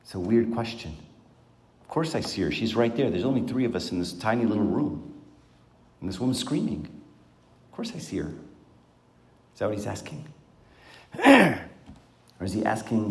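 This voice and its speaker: A man's voice: fairly low pitch, very animated, moderate pace, pauses often, slight background noise. A man giving an informal Bible talk to a small group around a table, asking them questions in a conversational way. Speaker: Bible teacher. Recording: echoey room.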